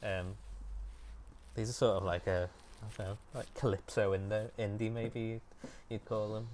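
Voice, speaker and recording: A man with a very low voice hosts a laid-back chat about new music releases. He talks loosely, hesitating and filling gaps as he goes. A faint hum of room ambience sits beneath him. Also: normal speed. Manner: relaxed, hesitant with many fillers. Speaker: music show host.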